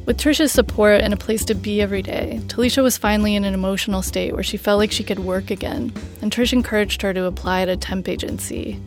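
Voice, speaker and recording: A woman reporter narrating a documentary story in a measured, plain storytelling manner. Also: mid-range voice, steady tone, faint music behind.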